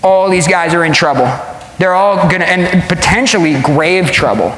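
A male pastor preaching a sermon, telling the story with lively acted-out voices. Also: sits high, normal speed, slight background noise. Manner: animated storytelling, acts out quoted voices. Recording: echoey hall.

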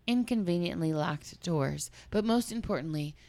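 A woman's voice: fairly low pitch, animated, normal speed, darkish tone. A woman co-hosting a podcast, reading a listener's story aloud and chatting frankly with lots of swearing. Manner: frank, profane, laughing. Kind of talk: casual comedic chat and story reading.

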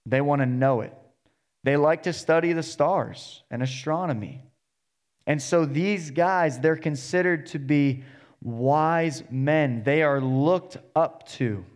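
A man's voice: fairly high pitch, takes it slowly. Man preaching a storytelling sermon. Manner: storytelling, acting out the characters in plain voice. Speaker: associate pastor.

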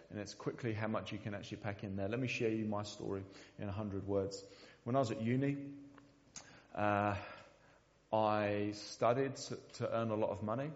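A pastor with a lowish voice preaches a sermon in a church, and the audio sounds dull with a big-room quality. He speaks earnestly and often repeats the first word as he starts a sentence.

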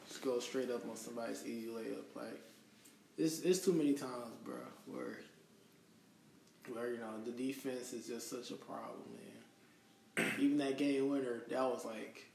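Gravelly laid-back man, off-mic. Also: medium pitch, a little mellow. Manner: laid-back, says bro and man a lot. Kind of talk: casual sports talk. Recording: distant mic in an echoey room with faint noise.

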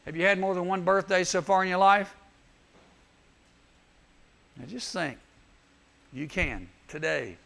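Very gravelly, gentle preaching man. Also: high-pitched, a little slow, long pauses. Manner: gentle, earnest, prayerful. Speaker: camp preacher. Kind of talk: sermon with altar call prayer. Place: camp chapel.

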